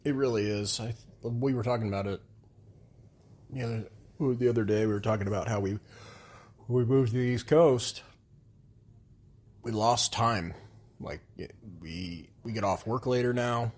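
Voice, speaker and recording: A man's voice: mid-range voice, moderate pace, pauses often, darkish tone, breathy edge. A man, co-hosting a casual podcast, frank and rambling, with some swearing. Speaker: podcast co-host. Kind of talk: casual couple's podcast chat.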